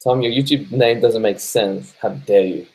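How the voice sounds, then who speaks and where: A man's voice: fairly low pitch, normal speed, darkish tone, low-quality recording. A man with an Australian accent, stoned and laid-back, chatting casually on a live stream as he reads viewer comments aloud, swearing freely and laughing often. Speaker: live-stream host reading viewer chat.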